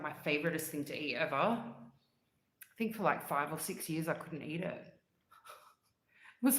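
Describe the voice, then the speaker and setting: Woman livestream host, congested, chatty, slow and lowish voice, roomy echo. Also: fairly bright tone. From Australia. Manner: chatty, gushing about sweets, frequent "like" fillers. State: congested, clearing throat often. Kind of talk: casual chat with live chat viewers.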